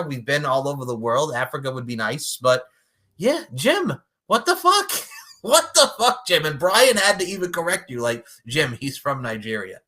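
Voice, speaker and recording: Bright-voiced man cohosting a podcast. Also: mid-range voice. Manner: animated, swears, laughs often. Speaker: podcast co-host. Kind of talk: casual wrestling podcast chat.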